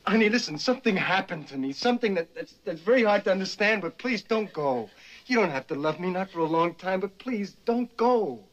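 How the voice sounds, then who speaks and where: An actor playing a gentle, troubled young husband who speaks softly and hesitantly, stammering, in a 1950s film drama. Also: male voice, high voice, expressive, quick pace, dull audio. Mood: pleading.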